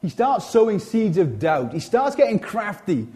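A man preaching an informal sermon, animated and chatty, often breaking off into asides and restarting his sentences. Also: high-pitched, normal speed. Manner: animated, chatty, frequent self-interruptions and asides.

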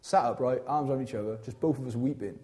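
A young adult man preaching a sermon in a lively, conversational way, full of asides and repeated words. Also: mid-range voice, fast. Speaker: pastor.

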